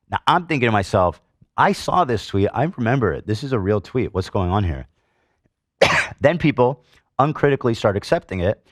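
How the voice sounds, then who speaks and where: Male podcast host, middle-aged, heated and sarcastic commentary, deep voice, dry studio sound. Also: very animated, brisk, dry recording. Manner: indignant, swears, reads comments aloud with sarcasm.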